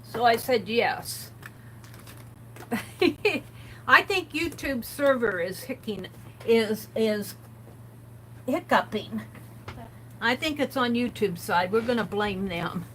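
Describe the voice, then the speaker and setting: A woman chats her way through a craft livestream, reading bits aloud and adding amused comments. Her voice is bright and a little high, and she speaks slowly and unhurriedly. A faint hiss sits under the recording. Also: expressive, poor audio. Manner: chatty, reads quotes aloud with amused commentary. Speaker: art livestream host. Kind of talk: casual craft livestream chat.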